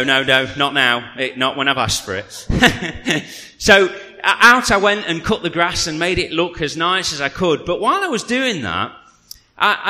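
A man preaching a sermon, telling a humorous personal story in a chatty, animated way. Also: on the high side. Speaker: pastor. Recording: reverberant hall.

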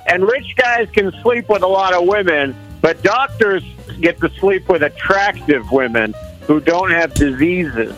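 High-voiced male caller, muffled line. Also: a little slow, soft background music. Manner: deadpan, faux-offended. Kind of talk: mock-insulting comedic banter. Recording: muffled call audio.

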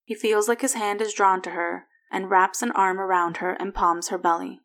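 A woman narrating a fan fiction story aloud, softly and evenly. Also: medium pitch, fairly even intonation, normal speed.

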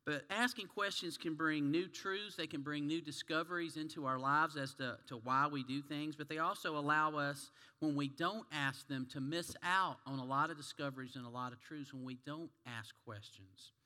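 A man's voice: on the high side, moderate pace, hardly any pauses, sharp tone, big-room sound. A man preaching a sermon in a folksy, conversational storytelling way.

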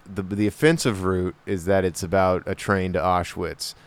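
A man's voice: sits low, flat delivery, moderate pace, clear, resonant tone. A young man chatting casually with a friend about a movie, rambling and joking, with lots of restarts. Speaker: co-host reacting to a movie trailer. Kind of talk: casual chat.

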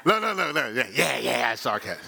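A man's voice: medium pitch, sing-song, fairly quick, gravelly, pushed and bright, breathy edge. A male pastor preaching a sermon in a colloquial, conversational way, often asking the crowd "right?". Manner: call-and-response, asks "right?".

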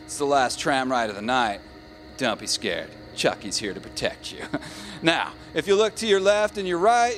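A man's voice: on the high side, natural voice. A man playing a goofy, cocky stoner spy in a comedy audio play, talking in brash, laid-back dude slang.

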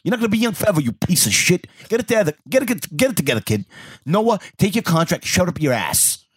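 A man co-hosting a podcast in casual chat, loud and profane, slipping Spanish slang into his talk. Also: high-pitched, sing-song, fast, slightly rough. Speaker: podcast co-host.

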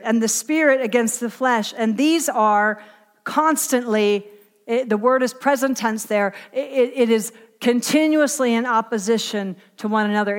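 Emphatic middle-aged woman preaching. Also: on the high side. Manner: emphatic, conversational, asks the audience to fill in words. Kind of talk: sermon.

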